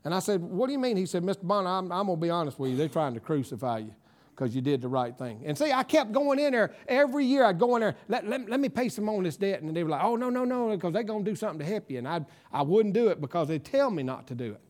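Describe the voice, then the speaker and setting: A middle-aged man preaching a sermon, telling a personal story with emotion and tears that build into loud praise. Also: high-pitched, sing-song, fast talker. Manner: emotional, tearful storytelling that rises to shouted praise. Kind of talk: sermon testimony.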